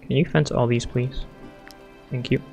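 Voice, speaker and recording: Excitable gravelly man narrating a game. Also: mid-range voice, a little slow, faint music behind. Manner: excitable, thinking aloud. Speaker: gamer playing a strategy game. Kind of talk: casual let's-play commentary.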